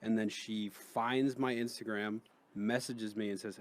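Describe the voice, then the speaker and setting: A man's voice: on the low side, fairly even intonation, a little slow. A man who is a comedian guest, telling stories in a rambling, profane way in casual podcast chat.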